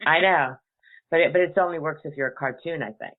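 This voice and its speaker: A woman's voice: low voice, brisk. A middle-aged woman hosting a radio talk show, chatting and telling stories in a rambling way and laughing often. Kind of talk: casual chat and storytelling. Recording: tinny phone-like line.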